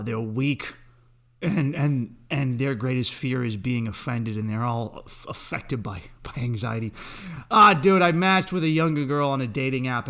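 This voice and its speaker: A man's voice: medium pitch, bright, forceful tone. A man in his thirties hosting a podcast, ranting alone in a comedic way, swearing freely and laughing at his own jokes. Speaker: podcast host. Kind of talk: solo comedic rant.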